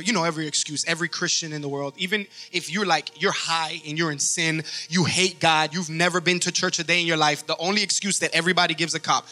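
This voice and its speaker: A man's voice: a little high, steady tone, a little fast, bright, forceful tone, faint music behind. A man pastor preaching a sermon with emphasis, acting out stories as he goes.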